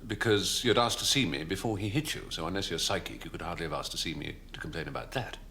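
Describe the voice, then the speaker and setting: An actor playing a sardonic officer posing as a camp commandant, dry and arch in a TV drama. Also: male voice, low-pitched, animated, fast talker, gravelly, pushed and bright, heavily acted. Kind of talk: 1990s TV drama acting. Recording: echoey room, faint noise.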